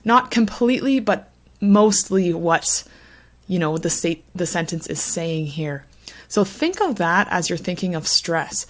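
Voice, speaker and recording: With a fairly low-pitched voice, a woman teaches an English pronunciation lesson, speaking clearly and deliberately and stressing the words she models.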